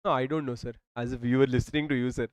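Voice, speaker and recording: A man with an Indian English accent mimicking bored, distracted students in a low, mocking tone. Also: steady tone, rapid-fire, clean tone, dry recording, close to an everyday voice.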